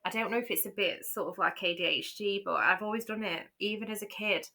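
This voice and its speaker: A woman's voice: medium pitch, a little fast, pushed and bright. A woman with a light Yorkshire accent, co-hosting a podcast and chatting casually, rambling with plenty of fillers and restarts. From Yorkshire, England. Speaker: podcast co-host. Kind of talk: casual chat.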